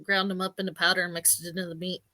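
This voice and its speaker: Woman with a bright, clear tone, animated storyteller, dry close mic. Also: on the low side, very fast, dry recording. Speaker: podcast panelist. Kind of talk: casual storytelling.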